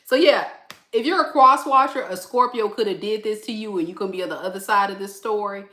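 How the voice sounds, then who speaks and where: A woman's voice: medium pitch, fairly quick, sharp tone, reverberant. A tired woman tarot reader, chatting casually and laughing in sassy slang during a live reading.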